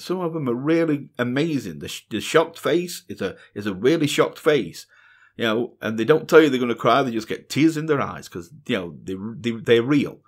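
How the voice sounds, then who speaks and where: A middle-aged man, talking earnestly in a casual solo Q&A and repeating phrases for emphasis. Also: medium pitch. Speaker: music reaction channel host.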